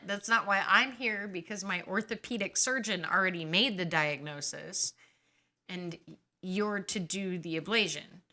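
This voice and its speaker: A woman's voice: lowish voice, pushed and bright. A woman podcast host telling a personal story in a casual, indignant and sarcastic way.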